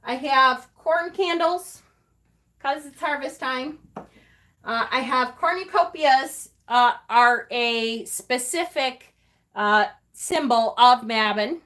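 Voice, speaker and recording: Speaking slowly in a high, slightly bright voice, a middle-aged livestream host chats casually with her audience. She's warm and talkative, leaning on fillers and emotional asides.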